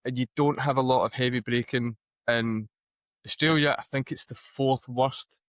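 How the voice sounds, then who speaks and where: A Scottish man co-hosts a podcast with dry, sarcastic humour, his voice at an ordinary middle pitch. He is recorded close and dry, with no room sound. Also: steady tone, normal speed, fairly bright tone, no room sound. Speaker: podcast co-host. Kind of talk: casual podcast chat.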